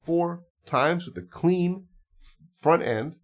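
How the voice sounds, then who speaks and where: A man's voice: on the high side, animated, takes it slowly. A man teaching clarinet, talking casually and explaining step by step with small asides and fillers. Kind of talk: casual instructional talk.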